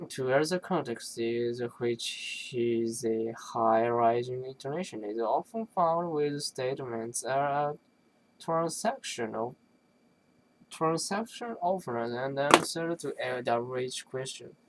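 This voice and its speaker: Slow, halting reader of an academic text. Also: medium pitch, a little hiss or hum, poor audio. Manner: halting, with restarts and self-corrections; clears throat between passages. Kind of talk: reading an academic text aloud.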